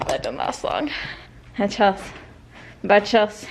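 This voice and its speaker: A woman's voice: sits high, slow pace, fairly bright tone, a little hiss or hum. A woman in her twenties chatting casually to the camera in a vlog, bubbly and giggly. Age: 20s. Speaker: vlogger.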